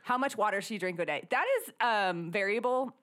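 A woman's voice: mid-range voice, brisk, a bit bright. A woman co-hosting a casual comedy podcast, laughing often and explaining things with lots of fillers. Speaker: podcast co-host.

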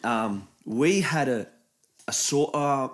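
Aussie bloke yarning casually, swears heaps, rambles through a story. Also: male voice, medium pitch, slow. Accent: Australian. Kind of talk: casual chat.

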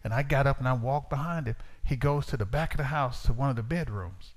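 A man's voice: medium pitch, fairly quick. A man preaching a sermon, telling a personal story in plain informal speech and acting out conversations with a lifted voice. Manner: storytelling, acts out dialogue in raised voice. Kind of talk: sermon testimony.

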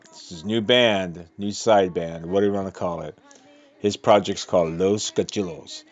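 Low-voiced man with a cold, announcing shows. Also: fairly even intonation, moderate pace, dull audio. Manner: loose and rambling, stopping to correct himself. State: has a cold. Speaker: radio host reading community event announcements. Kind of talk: casual on-air announcements.

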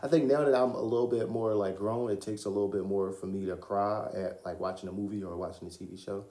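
A man's voice: fairly low pitch, steady tone, fast, warm tone. A young man hosting his own podcast, talking loosely and profanely about films, laughing often. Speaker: podcast host. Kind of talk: casual solo podcast talk. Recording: roomy echo.

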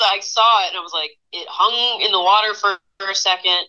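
A woman in her thirties from Pennsylvania, a guest artist telling stories in a casual interview, animated and laughing often, with lots of fillers. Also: mid-range voice, fairly quick, highs cut off. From Pennsylvania, USA.

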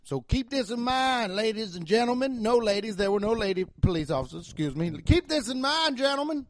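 A man's voice: high-pitched, lively intonation, brisk, no echo, voice pushed up. A man putting on a blustering Southern sheriff. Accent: Southern US (put on). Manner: loud, preachy, drawling pep talk. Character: blustering Southern small-town sheriff briefing his men. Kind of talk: improvised video game character monologue.

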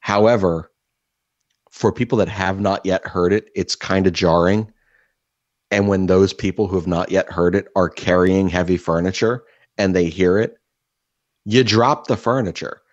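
Deep-voiced young man, swearing storyteller. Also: steady tone, a little slow, no echo, dull audio. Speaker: podcast co-host. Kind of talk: casual podcast chat.

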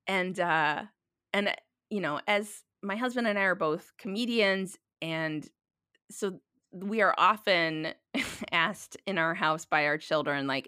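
A woman's voice: medium pitch, a bit bright, no room sound. A middle-aged woman tells a story in loose, casual chat, full of fillers and swearing. Her voice sits close and dry, with no room sound around it. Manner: profane, rambling, many fillers.

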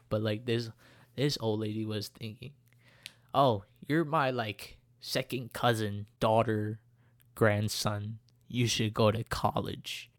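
A man's voice: on the low side, creaky, no room sound, studio quality. Rambling young man chatting solo. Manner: rambling, laughs often, self-correcting. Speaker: podcast host. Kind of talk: casual solo podcast chat.

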